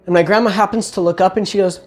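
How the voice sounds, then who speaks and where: A woman casually telling a personal holiday story with chatty asides and quick self-corrections. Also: medium pitch, fairly even intonation, a little mellow, faint music behind.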